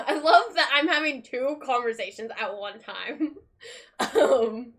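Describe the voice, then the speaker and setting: A woman's voice: fairly high pitch, slow, fairly bright tone. A young woman streamer in casual chat, rambling, swearing often and laughing between thoughts.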